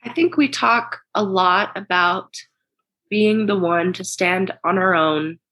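A woman's voice: mid-range voice, slow, fairly bright tone. A woman taking part in a book discussion podcast, answering in a thoughtful, earnest way. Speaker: discussion participant.

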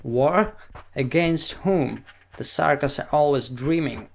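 Man doing a rasping old scientist, sarcastic, jeering, gravelly, audiobook. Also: mid-range voice, fairly even intonation, measured pace, natural voice. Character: sneering centuries-old male scientist rival. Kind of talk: audiobook reading.

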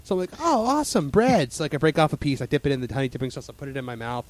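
A man's voice: mid-range voice, fairly even intonation, rapid-fire. A man in casual chat as a podcast host, rambling with lots of fillers and restarts.

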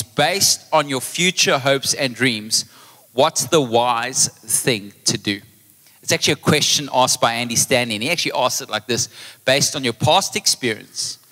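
Pastor preaching in reverberant hall. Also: male voice, mid-range voice. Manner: storytelling, animated retelling of conversations. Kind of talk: live sermon. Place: church hall.

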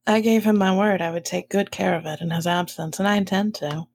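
Calm woman role-playing her character. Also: mid-range voice, fairly quick, no room sound. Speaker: player.

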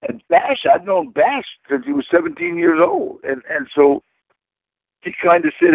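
Gravelly man telling rambling stories. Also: extremely high pitch, expressive, normal speed, dry recording, rough recording. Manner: rambling, repeats words, many fillers. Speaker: interview guest. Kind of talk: casual storytelling interview.

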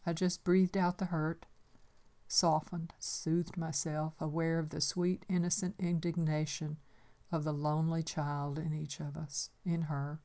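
An older woman gently reading her own memoir aloud in a reflective storytelling manner. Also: low-pitched, flat delivery, a little slow.

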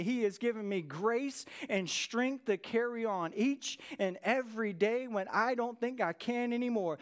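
Here a male pastor preaches energetically in a high voice, keeping the tone conversational and lively. He uses dramatic pauses for effect.

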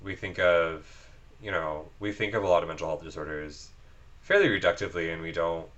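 A man with a very low voice talks earnestly in a relaxed podcast conversation. He leans on fillers and restarts his sentences often. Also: fairly quick, highs cut off. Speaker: podcast guest. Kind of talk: casual chat.

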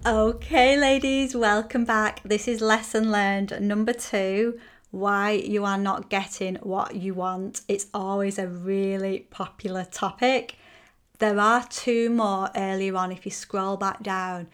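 A woman's voice: mid-range voice, slow pace, clear, resonant tone. Woman doing a pep-talk podcast, blunt, swears a bit, acts out people moaning. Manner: frank and energetic, acts out quoted complaints, swears casually. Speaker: podcast host and coach. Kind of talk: motivational podcast monologue.

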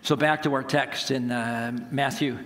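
A man's voice: mid-range voice, steady tone, a little slow, fairly bright tone. A man around sixty, a pastor preaching a sermon, telling a story with laughter. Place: church sanctuary. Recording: long hall reverb.

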